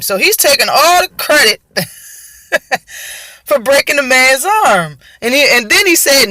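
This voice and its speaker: High-voiced man ranting about boxing. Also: very animated, takes it slowly, pushed and bright, no echo, clean studio sound. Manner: profane, mocking, heated. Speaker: boxing commentary host. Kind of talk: casual ranting commentary.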